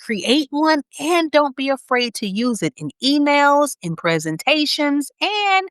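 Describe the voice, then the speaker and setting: A woman with a Southern US accent delivers a motivational coaching lesson, taking her time and leaving pauses between points. Her pitch swings up and down with smiling energy. The sound is dry and close, with no room echo. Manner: slow, deliberate pacing with pauses, smiling, energetic. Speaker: business coach for nurses.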